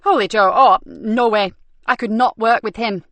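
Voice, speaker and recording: A woman's voice: mid-range voice, a little fast, fairly bright tone, no room sound, close to an everyday voice. A woman doing a sardonic, defiant detective.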